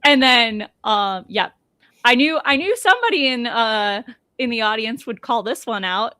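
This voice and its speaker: A woman's voice: a little high, lively intonation, moderate pace, pushed and bright, no room sound. A woman co-hosting a casual podcast, chatty and full of ums and restarts. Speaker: podcast co-host.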